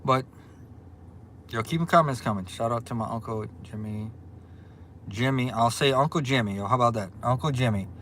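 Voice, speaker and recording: A man from Louisiana with a Southern accent, chatting casually on a livestream and reading out viewer comments in a relaxed, drawling way. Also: medium pitch, normal speed, long pauses, a little hiss or hum. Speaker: livestream host.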